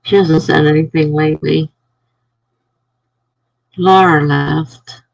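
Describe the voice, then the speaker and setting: A woman's voice: low-pitched, steady tone, slow pace, gravelly, no room sound, rough recording. A woman chatting casually on a live stream, telling a rambling story to her viewers and sounding tired.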